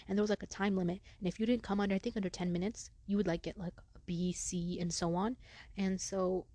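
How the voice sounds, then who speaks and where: A woman's voice: medium pitch, steady tone, fast talker, mellow, no room sound. A young woman hosting a podcast, telling a story in casual chat and leaning on "like" a lot. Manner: chatty, lots of filler "like". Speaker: podcast host.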